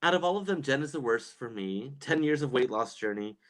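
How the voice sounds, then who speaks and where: A man in his thirties hosting a casual livestream and reading chat comments, animated and chatty with lots of fillers and laughs. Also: mid-range voice, a little fast.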